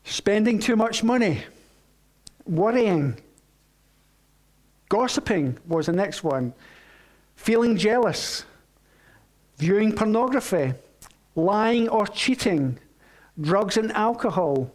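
A man's voice: high voice, animated, slow pace, pauses often, a little mellow. A man pastor delivering a sermon in a conversational way, hesitating with fillers and putting questions to the congregation.

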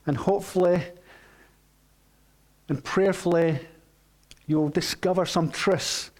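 A man's voice: high-pitched, steady tone, takes it slowly, darkish tone. A man pastor delivering a sermon in a conversational way, hesitating with fillers and putting questions to the congregation.

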